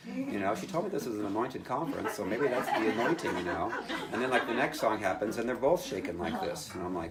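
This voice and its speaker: A man telling a personal story to a live audience, animated and laughing as he acts out his own quotes. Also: on the low side, fast talker. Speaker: speaker telling his testimony.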